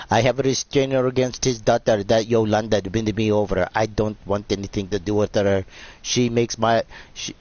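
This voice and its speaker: A man's voice: on the low side, a little mellow, no echo, highs cut off. A man hosting a live-streamed wrestling video game, commentating in a rambling, jokey, off-the-cuff way. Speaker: host and commentator.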